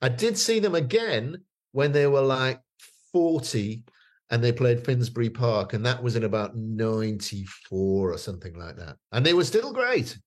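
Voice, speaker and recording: A man's voice: mid-range voice, big pitch swings, normal speed. A man, telling stories as a guest in a casual chat, rambling with many fillers and restarts. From northeast England.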